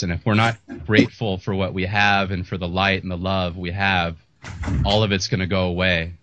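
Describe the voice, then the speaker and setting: A middle-aged man speaks in a very low register, his talk candid, emotional and prone to restarts. The sound is dry and close, with a muffled lo-fi quality. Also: fairly bright tone, no room sound. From United States. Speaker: podcast host. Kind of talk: earnest interview talk. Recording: muffled lo-fi audio.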